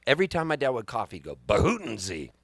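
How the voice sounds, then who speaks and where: A man's voice: mid-range voice, rapid-fire, dry recording. Fifties guy telling a rambling funny story on stage into a mic, dry close sound, mid voice. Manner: animated, rambling, wry comic timing. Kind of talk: live comic storytelling. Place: live music venue on stage.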